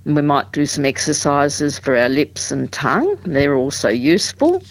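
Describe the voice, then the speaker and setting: A woman, a support group representative explaining things in a measured way during a radio interview, with frequent ums and restarts. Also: low voice, big pitch swings, no room sound, low-quality recording.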